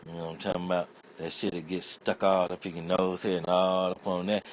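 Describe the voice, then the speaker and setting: This man talks from very low in his chest, loose and rambling as he spins out a comic rant full of cursing. He drifts from point to point in a streetwise, offhand way. A faint hum of noise sits under his voice. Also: level tone, brisk. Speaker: internet comedian. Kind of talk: comedic rant monologue.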